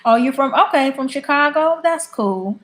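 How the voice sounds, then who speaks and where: A woman's voice: high voice, expressive, moderate pace, a bit bright. A woman chatting casually on a livestream, reading viewer comments and answering them bluntly. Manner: blunt, opinionated. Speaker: YouTube live streamer.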